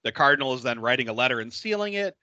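A man's voice: medium pitch, animated, very fast, bright, forceful tone, no echo, dull audio. A man casually recapping a film plot, laughing often and acting out characters' lines. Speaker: podcast host recapping a film. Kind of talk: casual movie recap chat.

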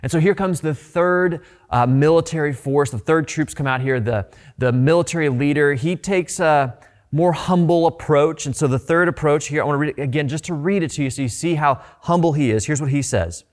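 A man's voice: a little high, fairly quick. A middle-aged man preaching a sermon as a pastor, conversational and emphatic, often repeating his phrases for weight.

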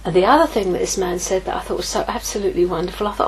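A woman preaching a sermon, lively, moving from hushed asides to exclaiming. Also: medium pitch, rapid-fire, slight background noise, poor audio. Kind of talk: sermon teaching.

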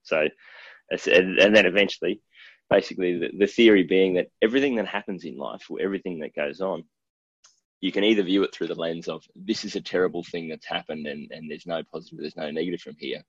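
A man's voice: low-pitched, fast, breathy edge, no room sound. A man with an Australian accent, co-hosting a podcast in casual chat and telling stories in a laid-back, jokey way. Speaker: podcast co-host. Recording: dull, dry lo-fi recording.

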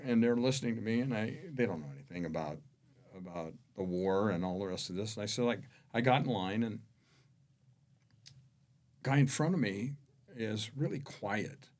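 A man, a real estate executive, telling anecdotes as a podcast guest, shifting between hushed and emphatic delivery. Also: on the low side. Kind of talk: conversational storytelling.

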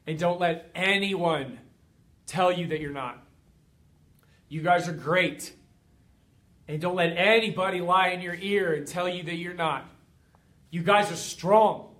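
A man with a notably high speaking voice delivers an energetic motivational talk. He speaks as a coach to his community, fired up and emphatic, and stacks repeated phrases one after another for effect. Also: a little slow, pauses often.

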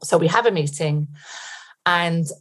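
Podcast guest, woman, middle-aged, from England; lower register, lively storyteller who acts out her inner voice. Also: a little slow. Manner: vivid retelling with quoted inner thoughts.

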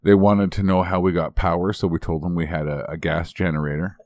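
A man's voice: deep voice, level tone, brisk, a little mellow, dry recording. A Canadian man co-hosting a podcast, telling a rambling, self-mocking story in casual chat and laughing as he goes. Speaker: podcast co-host.

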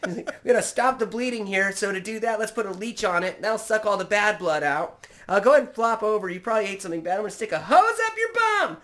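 Man playing a fussy fawning barber surgeon, camp, quick comic bit, slightly raised pitch. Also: lively intonation, a bit bright. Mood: brisk.

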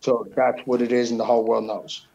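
A man's voice: medium pitch, level tone, brisk, gravelly, darkish tone, highs cut off, a little hiss or hum. Slangy man, loose casual chat. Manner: loose slangy talk, swears often, says bro a lot. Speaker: musician guest.

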